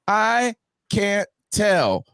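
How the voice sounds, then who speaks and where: A man hosting a sports podcast over a video call, talking in an animated, playful way. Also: sits high, drawn-out words, clean tone. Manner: animated, playful, mock-panicky. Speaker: podcast host. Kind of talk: casual sports podcast talk. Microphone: webcam and mic on a video call.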